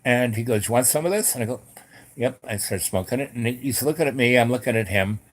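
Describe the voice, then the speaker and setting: A middle-aged man spins a loose personal anecdote, full of ums and restarts. His voice sits at an ordinary middle pitch for a man, relaxed and conversational. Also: fast talker. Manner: rambling, many fillers and restarts. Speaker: host. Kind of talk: casual storytelling.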